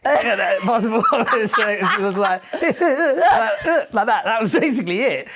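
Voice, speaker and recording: A man's voice: high-pitched, a little slow, heavy background noise. A man co-hosting a podcast, telling stories animatedly in casual chat and laughing often. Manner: laughs often, animated storytelling with British slang. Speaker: podcast co-host.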